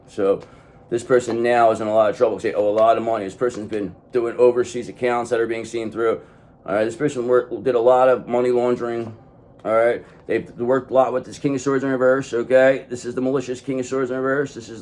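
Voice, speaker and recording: A man's voice: medium pitch, flat delivery, fairly quick, darkish tone. A man giving a casual, rambling tarot reading to his viewers. He swears freely and keeps saying "okay" as he talks. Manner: rambling, often says "okay". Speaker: tarot reader.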